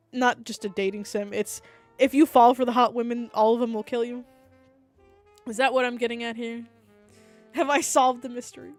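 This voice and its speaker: Excitable woman streamer reacting loudly. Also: fairly high pitch, faint music behind. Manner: excitable, jokey, quick to burst out loud. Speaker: VTuber streamer. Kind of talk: casual let's-play commentary and reading aloud.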